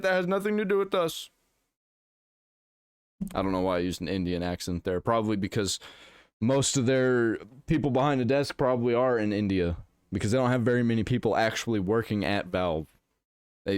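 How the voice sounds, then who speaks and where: A man's voice: on the low side, clean tone, dry recording, clean studio sound. A man giving casual reaction commentary, ranting and sarcastic.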